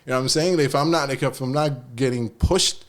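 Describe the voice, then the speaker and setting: A man casually telling a story on a podcast, animated, repeating words and swearing casually. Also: mid-range voice, fairly quick. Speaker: guest storyteller.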